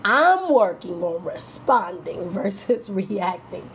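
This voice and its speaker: A woman's voice: mid-range voice, big pitch swings, slow pace, fairly bright tone. Woman, thirties, casual motivational talk, candid and playful, laughs a lot, faint hiss behind. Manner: candid and playful, laughs often, quotes herself in voices. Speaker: self-help speaker.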